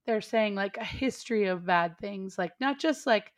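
A woman's voice: medium pitch, normal speed. Rambling mother in casual conversation. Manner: rambling, searching for words, frequent "like". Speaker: interview guest, parent.

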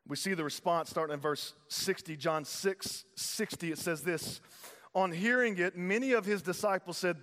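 A man's voice: sits high, moderate pace, fairly bright tone. A man preaching a sermon as pastor, conversational and playful, slipping into acted voices for emphasis. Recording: long hall reverb.

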